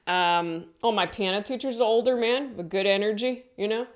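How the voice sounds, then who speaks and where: A woman comedian telling rambling stories in a casual, mumbly way and acting out quotes in higher voices. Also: normal speed. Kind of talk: casual comedic storytelling monologue.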